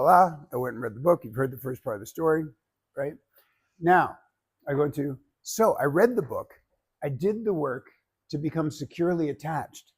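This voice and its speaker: A man teaching public speaking, giving an animated, joking demonstration speech straight to his class. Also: on the high side, breathy edge. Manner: animated and joking, addressing the audience directly.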